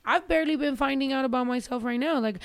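A woman hosting a podcast, telling stories in a loud, animated way with plenty of cursing. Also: high voice, fast. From Mexican-American family. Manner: loud, animated storytelling with profanity. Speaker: podcast host. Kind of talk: casual chat.

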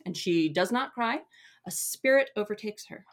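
A woman casually retelling an old legend, animated and profane, often laughing. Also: medium pitch, moderate pace. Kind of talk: casual storytelling.

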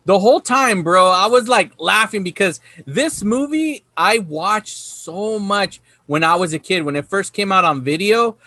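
A man's voice: high voice, animated, measured pace, few pauses, bright, forceful tone, no echo. A man hosting a casual podcast chat, rambling and cursing freely while telling stories. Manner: profane, rambling storytelling. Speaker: podcast host.

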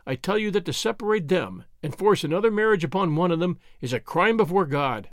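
A man voicing a solemn, righteous older English father who speaks in a grave, measured way. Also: high voice, no room sound, studio quality.

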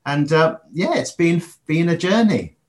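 A man's voice: a little high, expressive, a little slow. An English man in his forties, a guest on a podcast interview, talking reflectively with frequent ums and restarts. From England.

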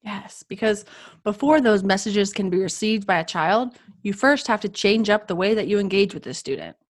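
Woman podcast co-host, teacher type, mid-pitched, enthusiastic and conversational. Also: expressive, moderate pace. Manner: enthusiastic, acts out kind phrases to children.

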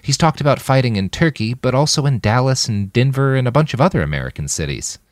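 A man's voice: mid-range voice, animated, fast talker, dry recording, clean studio sound, voice pushed up, close to an everyday voice. A male narrator voicing a polite, earnest fixer asking questions.

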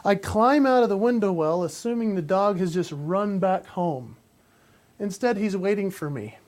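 A man with a notably high speaking voice tells a story on a conversational podcast. He acts out the voices in his story with lots of energy. He slows down and speaks more softly when he makes a reflective point. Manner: animated, acts out quoted voices and drops low and slow for reflective points. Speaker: podcast co-host and coach.

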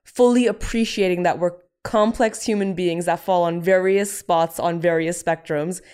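A woman's voice: fairly low pitch, fairly even intonation, moderate pace, a little mellow, clean tone. A woman author being interviewed, talking candidly and with animation about her writing. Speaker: author and guest. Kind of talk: casual interview talk.

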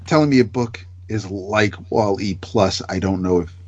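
A man's voice: lowish voice, normal speed, darkish tone, highs cut off. A man co-hosting a podcast in casual chat, hesitant and stammering as he talks. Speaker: podcast co-host.

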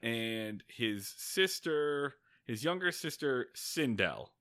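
A man's voice: medium pitch, animated, slow pace, pushed and bright. A man co-hosting a podcast, chatting casually and jokingly about movies, swearing now and then and laughing as he talks. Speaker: podcast co-host. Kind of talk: casual comedic movie chat.

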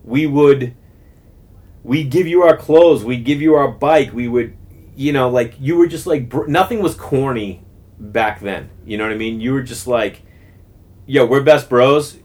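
A man in his thirties hosting a podcast, telling a long casual story, rambling and animated with lots of fillers and restarts. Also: mid-range voice, normal speed. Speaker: podcast host.

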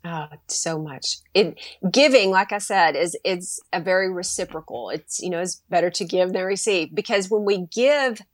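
A woman's voice: fairly low pitch, normal speed, hardly any pauses, no echo, studio quality. A woman, a mother, talking animatedly as a guest in a casual interview and acting out bits of dialogue. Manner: animated, acts out quoted dialogue.

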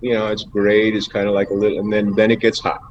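A male actor appears as a guest in a casual interview, telling rambling stories with many fillers and laughs. His lowish voice is completely flat and quick, and the lo-fi recording sounds dull with faint noise.

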